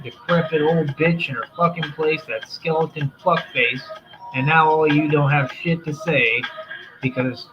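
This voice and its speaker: A man hosting a livestream, ranting in a brash, profane, casual way. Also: fairly high pitch. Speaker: livestream host. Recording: dull lo-fi stream audio with music.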